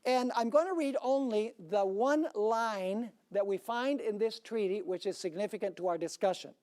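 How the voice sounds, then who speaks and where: A man's voice: high-pitched, normal speed, few pauses, a little mellow. Male pastor preaching hard, lots of "are you with me" style questions to the crowd. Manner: emphatic preaching with rhetorical questions to the audience. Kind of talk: sermon.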